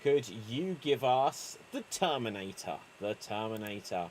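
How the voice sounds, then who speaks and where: A man's voice: medium pitch, very animated, unhurried, slight background noise. A man hosting an online improv show, calling time and handing out movie prompts with a playful, laughing manner. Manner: playful, laughs between cues.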